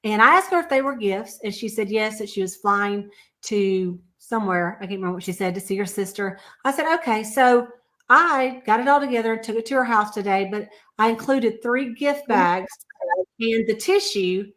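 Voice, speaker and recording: A woman's voice: medium pitch, normal speed, fairly bright tone. A woman chatting casually on a video call, telling customer stories and laughing often. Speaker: sales consultant. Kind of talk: casual livestream chat.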